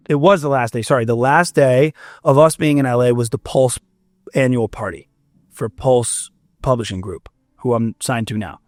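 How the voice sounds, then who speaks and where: A young musician from Fort Myers, Florida, appears as a podcast guest and tells a long, rambling story full of restarts and quoted dialogue. His voice is medium-pitched, and the studio-quality recording has no room sound.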